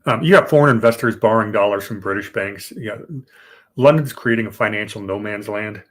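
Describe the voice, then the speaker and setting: A man's voice: on the low side, fairly quick. A man hosting a podcast, explaining financial history in a casual, rambling way with fillers and restarts. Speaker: podcast host. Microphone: remote podcast setup.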